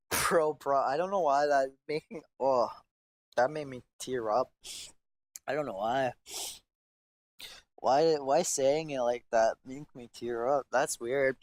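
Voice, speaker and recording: A man's voice: mid-range voice, takes it slowly, pauses often, no room sound. A young man hosting a casual podcast, rambling in slang and breaking into a loose freestyle rap. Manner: rambling, slangy, repeats himself. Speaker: podcast host.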